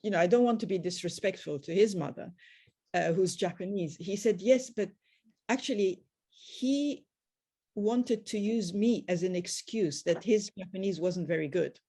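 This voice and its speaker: A woman's voice: medium pitch, normal speed, dark tone, husky. An older woman telling family anecdotes on a group video call, often quoting past conversations. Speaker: guest.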